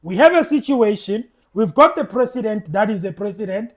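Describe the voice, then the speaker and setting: South African man, fairly high voice, opinionated vlog commentary, stammers, talks straight to viewers. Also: lively intonation, moderate pace. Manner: passionate, stammering, addresses viewers directly. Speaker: political commentary vlogger.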